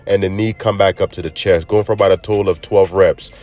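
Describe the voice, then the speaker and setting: Deep-voiced congested man coaching a workout. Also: steady tone, fast, darkish tone. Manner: laid-back, peppers talk with "man" and "all right?". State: congested from pollen allergies. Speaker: fitness trainer. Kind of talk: casual workout instruction.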